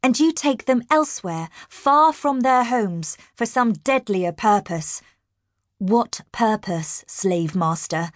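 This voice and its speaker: A woman's voice: medium pitch, expressive, slow pace, dry recording, studio quality, pitched above the performer's own voice. A woman narrator voicing a confident young woman warrior who speaks firmly and questions sharply. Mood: commanding. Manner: firm, questioning.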